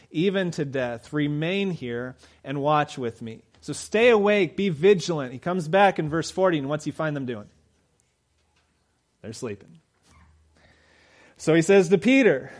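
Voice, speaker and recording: Fervent preacher with a raised voice. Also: male voice. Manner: swings from loud urgent emphasis to low quiet storytelling. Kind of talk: sermon.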